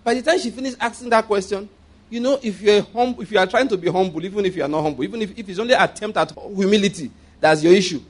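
A man with a somewhat high voice preaching a sermon built around a personal story. He circles back over his own phrases, breaks into laughter partway through sentences, and keeps checking in with the listeners through rhetorical questions. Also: fast. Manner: repeats phrases, laughs often while speaking; asks the audience rhetorical questions.

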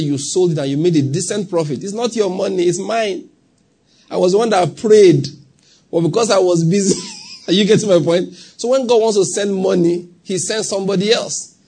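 A Nigerian man preaching a sermon in a church. His voice is husky and sits a little high. He acts out small scenes and keeps checking that the congregation is following him. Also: mellow. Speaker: pastor.

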